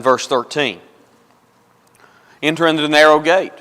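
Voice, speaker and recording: His voice is a little high and fairly bright, moving fairly quickly but broken by long pauses. Preaching emphatically in a church auditorium with long church-hall reverb, he repeats phrases for stress and calls his congregation folks and brethren.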